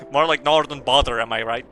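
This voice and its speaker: A man's voice: mid-range voice, gravelly, a bit bright, slight background noise. A man streaming a game who chats casually, rambles, jokes and swears. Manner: profane, rambling, joking. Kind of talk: casual gaming stream chat.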